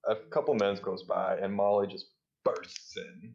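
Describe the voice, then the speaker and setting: A man running a tabletop game as game master, narrating in a relaxed way and laughing often. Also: fairly low pitch, moderate pace, vocal fry, highs cut off, a little hiss or hum.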